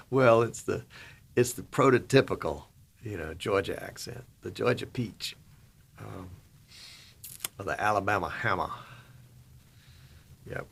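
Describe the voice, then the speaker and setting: A man's voice: on the low side, slow pace, creaky, long pauses, bright, forceful tone, slightly rough. A middle-aged man from Virginia hosting a livestream, chatting casually and reading viewer comments in a folksy way. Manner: folksy, chatty, reads comments aloud and laughs. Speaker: livestream host.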